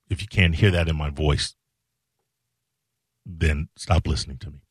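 A middle-aged man hosting a show, telling a personal story slowly and earnestly, with halting emphatic repetitions. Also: sits low, dry recording, clean studio sound. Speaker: show host.

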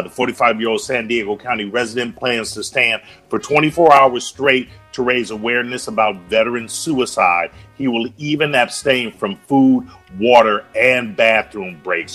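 A man co-hosting a radio show, reading a news item in a measured way and chatting. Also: mid-range voice, sharp tone. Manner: measured news reader, brief agreeing interjections. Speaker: radio co-host. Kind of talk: reading news and casual chat.

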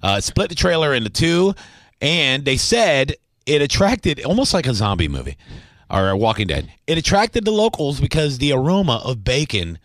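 A man hosting a radio show, telling a story in casual banter with relaxed fillers. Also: medium pitch, moderate pace, no room sound, studio quality.

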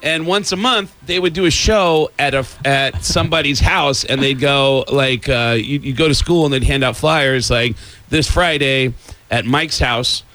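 A man's voice: mid-range voice, normal speed, few pauses, soft background music. A man chatting as an interview guest, telling stories animatedly and acting out the quotes. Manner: animated storyteller who acts out quotes in other voices. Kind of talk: casual interview chat.

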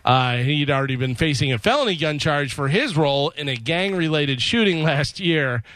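A man's voice: a little high, lively intonation, normal speed, fairly bright tone, dry recording. A man hosting a news segment on a morning radio show, casual and wry, mixing stories with jokes.

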